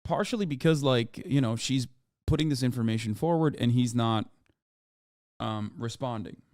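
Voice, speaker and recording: A man's voice: medium pitch, normal speed, a little mellow, no room sound, clean studio sound. A male streamer reading text messages aloud and commenting on them, stressing his points emphatically.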